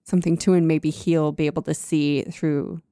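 A woman's voice: deep voice, normal speed, dry recording, clean studio sound. A woman chatting casually, recapping a story and acting out characters' lines. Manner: animated, acts out characters' lines. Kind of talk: casual chat recapping a show.

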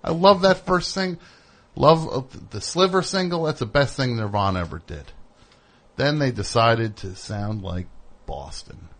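A man's voice: medium pitch, expressive, measured pace, fairly bright tone. Opinionated, teasing radio host man. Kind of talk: casual radio chat. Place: radio studio.

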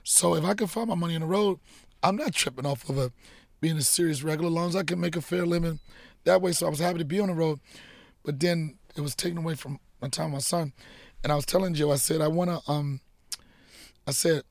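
A middle-aged man, a comedian guest, telling profane, animated stories in casual chat and acting out quotes. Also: a little high, fast talker, creaky, no room sound.

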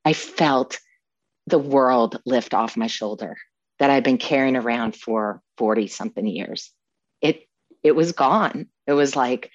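Low-voiced heartfelt woman in her fifties. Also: a little slow, no echo, lo-fi sound. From New Orleans, USA. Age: 50s. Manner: heartfelt, tearful yet joyful, laughs often. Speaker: guest sharing recovery story. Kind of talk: emotional personal testimony.

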